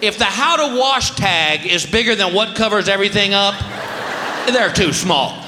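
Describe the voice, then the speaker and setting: Male comedian in his forties, stand-up routine, exaggerated shouts, noisy live hall. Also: high-pitched, moderate pace. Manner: animated, exaggerated character voices and shouts. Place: stage in a large hall. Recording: live hall with audience noise.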